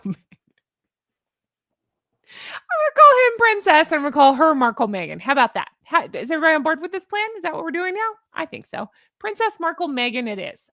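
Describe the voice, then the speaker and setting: A woman's voice: sits high, pushed and bright, no echo, clean studio sound. Sarcastic woman ranting. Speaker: YouTube commentary host. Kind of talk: casual commentary vlog.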